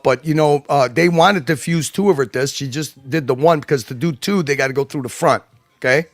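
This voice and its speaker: A man's voice: on the high side, brisk, dry recording, clean studio sound. Rambling, emphatic man on a livestream. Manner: rambling, emphatic, many restarts and asides. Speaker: guest commentator. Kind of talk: casual livestream chat.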